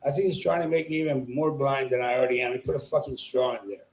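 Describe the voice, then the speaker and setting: A man with a mid-range voice talks fast in a steady tone. He's doing crude, profane open-mic stand-up at a small comedy club, poking fun at the crowd and chuckling at his own lines. The club room is echoey.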